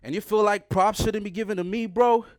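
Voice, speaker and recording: Man, young adult, from Ghana, battle rapper, high voice, dry sound, aggressive, taunting. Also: fairly even intonation, fairly quick, clear, resonant tone, no echo. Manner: aggressive, taunting, repeats punchlines with rising force. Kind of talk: battle rap performance.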